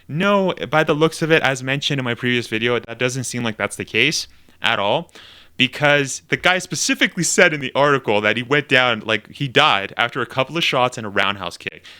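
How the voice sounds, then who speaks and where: A man's voice: mid-range voice, animated, brisk, bright, forceful tone, clear, resonant tone. A man hosting his own video, giving casual reaction commentary while thinking aloud, rambling with lots of fillers. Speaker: YouTube host.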